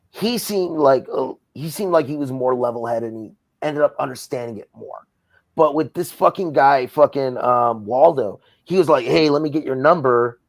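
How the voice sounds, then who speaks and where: A man's voice: medium pitch, vocal fry, no echo. Heated, profane man ranting. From Southern California. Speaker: wrestling promoter. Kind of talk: casual interview.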